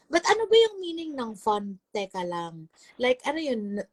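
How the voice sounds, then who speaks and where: A Filipino woman hosts a casual live chat in a fairly high voice. She sounds bubbly and chatty, and laughs often as she reads out viewer comments. Her voice is recorded close and dry. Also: very animated, moderate pace, no room sound. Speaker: host and life coach.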